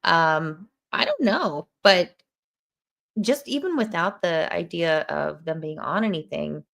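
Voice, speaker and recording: A woman's voice: lowish voice, expressive, slow, gravelly, a bit bright. A woman hosting a podcast in casual chat, thoughtful and wry, often speaking in broken phrases. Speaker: podcast host.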